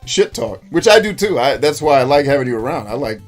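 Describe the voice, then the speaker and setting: A man's voice: mid-range voice, fairly quick, soft background music. A man streaming a retro game, chatting casually with viewers and reading their comments, swearing freely and laughing often. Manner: animated, profane, laughs often. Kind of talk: casual live-stream chat.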